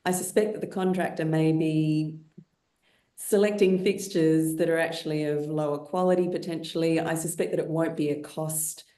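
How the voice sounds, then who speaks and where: A woman presenting in a webinar and calmly inviting others into the discussion. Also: sits low, echoey room. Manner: measured, invites others to speak. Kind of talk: moderating a discussion.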